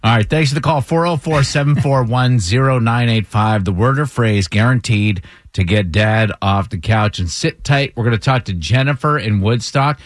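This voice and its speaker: A man's voice: mid-range voice, normal speed, no room sound, clean studio sound. A man hosting a morning radio show, joking and laughing between bits. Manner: jokey, laughs often. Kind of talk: casual radio banter.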